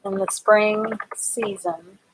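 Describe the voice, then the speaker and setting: Calm woman teaching reading online, super slow, spells stuff out letter by letter, mid pitch. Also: slightly rough. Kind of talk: live online reading class.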